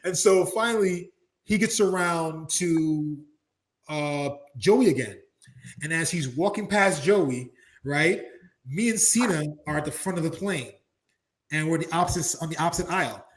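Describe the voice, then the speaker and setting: A man telling a rowdy backstage story as an interview guest, swearing freely and acting out the people in it with loud shouts and laughter. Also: fairly high pitch, animated, a little slow, low-quality recording. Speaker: interview guest, former wrestler. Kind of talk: animated storytelling.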